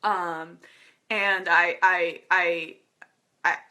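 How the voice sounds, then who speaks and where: A woman's voice: fairly low pitch, little pitch movement, drawn-out words, bright, forceful tone. A young woman hosting a casual political live stream, talking earnestly and emotionally with many fillers and nervous laughs. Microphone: webcam or phone.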